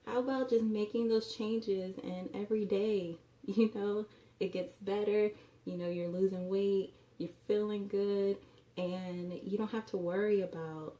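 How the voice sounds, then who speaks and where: A woman's voice: medium pitch, steady tone, a little slow, warm tone. A woman giving earnest, coaching health advice straight to camera in a casual motivational talk, often saying "you know". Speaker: health and fitness vlogger. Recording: echoey room sound.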